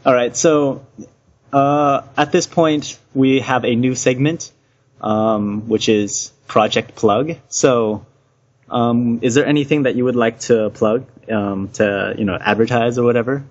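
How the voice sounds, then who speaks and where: A man's voice: medium pitch, measured pace. A man hosting a casual podcast interview, easygoing and laughing often between questions. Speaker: podcast host. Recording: dull lo-fi recording.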